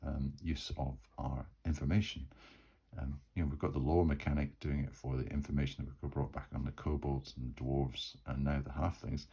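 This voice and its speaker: A man's voice: a bass voice, vocal fry, mellow, slightly rough, poor audio. A man narrating his solo tabletop role-playing game in a rambling, chatty way. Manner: rambling, many fillers and restarts.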